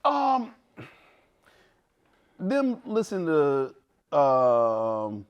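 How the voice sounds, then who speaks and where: A man's voice: fairly high pitch, wildly swooping pitch, extremely slow, clear, resonant tone, lo-fi sound. A man in his forties, a pastor, telling stories in a podcast conversation with lots of laughter and acted-out voices. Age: 40s.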